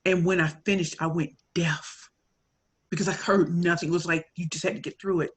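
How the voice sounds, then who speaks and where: Husky-voiced St. Louis woman coach. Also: on the low side, fairly quick. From St. Louis, Missouri. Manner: animated, addresses audience as y'all, acts out quoted lines. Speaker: pitch coach and speaker. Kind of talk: motivational talk, storytelling.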